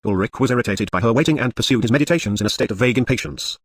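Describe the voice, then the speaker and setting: A male audiobook narrator reads a literary novel at a fast clip. His voice is husky, and the recording is dry and close with no room sound. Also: medium pitch, dry recording. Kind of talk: scripted narration.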